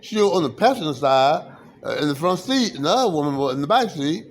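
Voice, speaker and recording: A man with a noticeably high-pitched speaking voice recounts his side of the story at length. His account rambles, and he stumbles and restarts often, repeating phrases as he goes. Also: expressive. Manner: halting, repetitive, frequent restarts and fillers.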